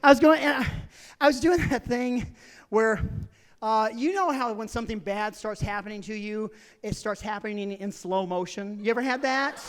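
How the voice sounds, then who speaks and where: A man doing stand-up comedy on stage, telling a story in an excitable, animated way. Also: sits high, moderate pace, clear, resonant tone, big-room sound. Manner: excitable, animated, with bursts of laughter.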